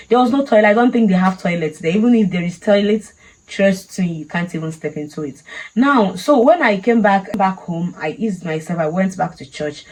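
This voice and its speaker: A woman's voice: medium pitch, darkish tone, rough recording. A woman with a Nigerian accent, telling a personal story casually and animatedly, laughing often. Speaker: vlogger.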